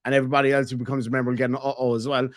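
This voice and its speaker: A man's voice: mid-range voice, level tone, racing, no echo, clean studio sound. An Irish man hosting a casual stream, reading member messages aloud in a joking, crude, rambling way. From Ireland. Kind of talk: casual reaction stream chat.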